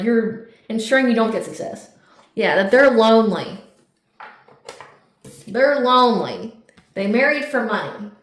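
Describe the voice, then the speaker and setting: A woman giving a casual tarot reading, talking bluntly and emphatically with lots of swearing and "like". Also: medium pitch. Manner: blunt, profane, emphatic, fillers of "like". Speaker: tarot reader. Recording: roomy echo.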